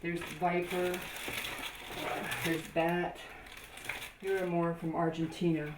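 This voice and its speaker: A woman toy collector casually showing her collection, halting with many ums and restarts as she reads labels aloud. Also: on the low side, little pitch movement. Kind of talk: casual show-and-tell narration. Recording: noisy home video.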